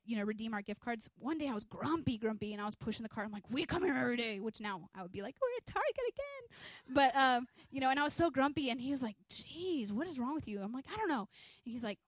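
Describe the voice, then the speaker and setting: A woman in her thirties preaching a sermon at church, conversational and energetic, acting out little scenes from family life. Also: fairly high pitch, dry recording. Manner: energetic, conversational, acts out quotes from home life. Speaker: pastor's wife preaching.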